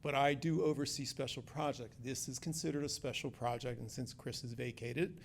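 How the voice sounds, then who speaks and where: A man's voice: mid-range voice, steady tone, fairly quick, creaky, slight background noise. A man giving an informal community update as director of construction projects, joking and chatty, often restarting his sentences. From Philadelphia area.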